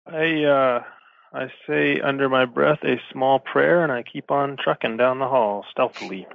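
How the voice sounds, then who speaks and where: A man playing in a tabletop game, speaking quickly and matter-of-factly. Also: mid-range voice, gravelly. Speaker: player. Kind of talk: casual tabletop play. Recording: tinny phone-like voice chat.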